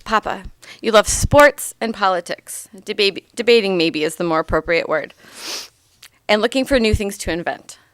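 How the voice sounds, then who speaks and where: A woman in her thirties reading a eulogy for her grandfather aloud, heartfelt and gently humorous. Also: medium pitch, normal speed, smooth, no room sound.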